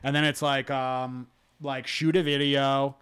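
A man's voice: medium pitch, level tone, measured pace, a bit bright, smooth. Rambling, cussing man hosting a podcast. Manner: rambling, heavy on fillers, swears freely. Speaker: podcast host, dog trainer. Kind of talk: casual chat.

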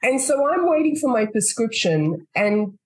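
Woman podcast co-host, husky, loose rambling storyteller. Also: a little high, sing-song, unhurried, a little mellow, rough recording. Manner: rambling storyteller, swears freely, trails off and restarts. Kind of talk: casual chat.

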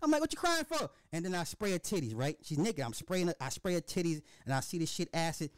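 A podcast host telling a dark comedic story in a profane, animated, repetitive way. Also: male voice, fairly high pitch, fast talker, no room sound, studio quality.

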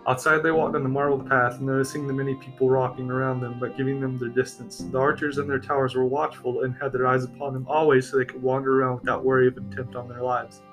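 A man narrating a fantasy story in a steady, even reading voice. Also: medium pitch, quick pace, hardly any pauses, poor audio. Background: faint guitar music.

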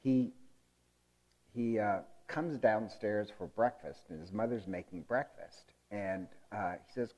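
A man's voice: on the low side, slow, a little mellow. A man preaching a conversational sermon, telling a story in a chatty, amused way with many ums and uhs. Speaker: pastor.

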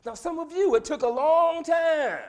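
A male preacher delivering a sermon in a church, swinging from hushed whispers to shouted lines and drawing call-and-response from the congregation. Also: very high voice, normal speed. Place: church sanctuary.

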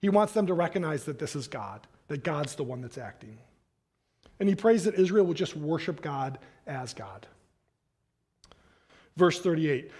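A pastor with a high-pitched voice reads scripture and then preaches in a loose, animated, conversational manner. He talks to the congregation like a friend, with quick casual asides. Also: breathy edge. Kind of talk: sermon.

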